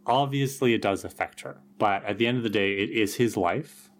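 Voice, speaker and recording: A man co-hosting a podcast, calmly reasoning through an opinion in casual chat. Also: lowish voice, normal speed. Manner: reasoned, arguing a point with restarts. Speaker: podcast co-host.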